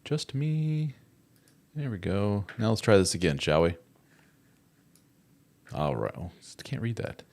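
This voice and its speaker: A middle-aged man with a deep, low-pitched voice hosts a casual live stream. His delivery is lively and full of swings in pitch. He is chatty and jokey as he greets viewers and reads out their comments. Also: unhurried, long pauses. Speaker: host of a live chat show.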